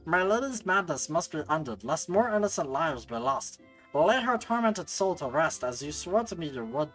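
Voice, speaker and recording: A man putting on a solemn elderly servant, gravelly and with a put-on Scottish accent, recounting a grim tale in a low, hushed tone. The pitch sits a little high and swings widely, and faint game music plays underneath. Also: big pitch swings, moderate pace, exaggerated voice, poor audio. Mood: urging. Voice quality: gravelly gremlin voice. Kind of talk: reading game dialogue aloud.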